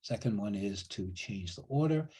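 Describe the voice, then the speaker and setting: A man's voice: on the low side, lively intonation, normal speed, dark tone, slightly rough. A man teaching a college writing class over a video call, explaining grammar patiently and repeating key points. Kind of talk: online class lecture. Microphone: computer mic on a video call.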